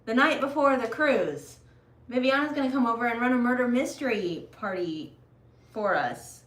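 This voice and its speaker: A woman's voice: a little high, expressive, normal speed, fairly bright tone, echoey room. A woman co-hosting a casual livestream at home, chatty and reading out viewer comments. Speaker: co-host.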